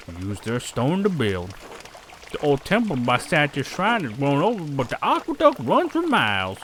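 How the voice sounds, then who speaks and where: Man doing an accented old townsman, storyteller type, lively delivery. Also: fairly high pitch, slight background noise, pitched above the performer's own voice. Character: older male townsman speaking with a put-on accent.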